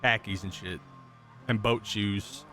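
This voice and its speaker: A man's voice: fairly low pitch, steady tone, slow, bright, forceful tone, faint music behind. A man streaming a police roleplay game, talking casually with easy swearing and laughter. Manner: laid-back, swears casually, laughs easily. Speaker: streamer playing a police officer. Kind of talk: casual gaming stream and in-game radio chatter.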